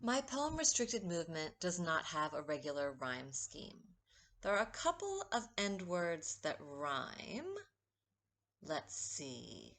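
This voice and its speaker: Woman poet, low voice, unhurried, steady teaching read of a recorded poetry lesson. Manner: slow, measured, stresses rhythm when reading verse.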